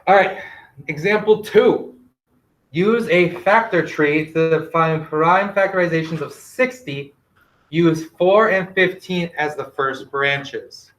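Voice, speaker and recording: Male teacher, slightly high voice, quizzing pupils, echoey classroom. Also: takes it slowly. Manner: asks students questions, gently directive. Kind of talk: classroom math lesson.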